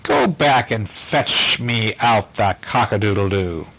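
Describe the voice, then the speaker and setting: A man's voice: mid-range voice, moderate pace, sharp tone, breathy edge, pitched above the performer's own voice, low-quality recording. A man putting on a purring, menacing pirate captain. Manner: theatrical, hissing and purring threats.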